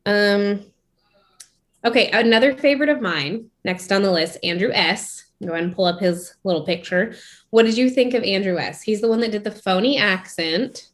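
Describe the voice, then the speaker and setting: A woman's voice: mid-range voice, normal speed. A woman co-hosting a podcast, chatting casually and gossiping with a friend, laughing often. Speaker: podcast co-host. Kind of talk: casual chat.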